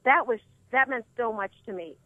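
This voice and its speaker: A woman's voice: fairly high pitch, normal speed, dry recording. An older woman calling in to the show, telling a story in a chatty way and laughing often. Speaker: co-host calling in. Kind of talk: casual phone chat. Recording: tinny phone line.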